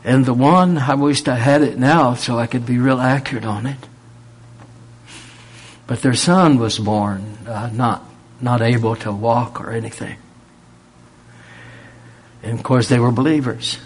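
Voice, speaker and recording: Male preacher, husky voice, mid pitch, rhetorical sermon delivery that dips to near-whispers. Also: fairly even intonation, measured pace, long pauses. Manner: rhetorical questions, swings from loud emphasis to near-whisper.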